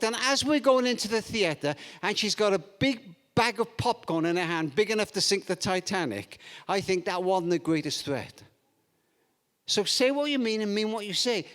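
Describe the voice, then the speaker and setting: Older male speaker, high voice, lively storytelling, long hall echo. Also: normal speed. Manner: animated, acts out anecdotes with playful humour. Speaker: parenting speaker. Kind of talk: storytelling seminar talk. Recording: long reverb of a large hall.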